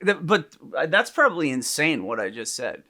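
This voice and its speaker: Man, podcast co-host, casual chat, bright tense voice, animated, laughs, restarts. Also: a little high, normal speed.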